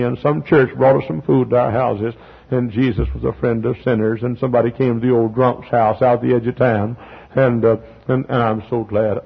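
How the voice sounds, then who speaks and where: A male pastor preaching an impassioned sermon in a church, swinging from soft to loud and breaking into hymn lines. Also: mid-range voice, vocal fry, husky, narrow, tinny audio. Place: church sanctuary.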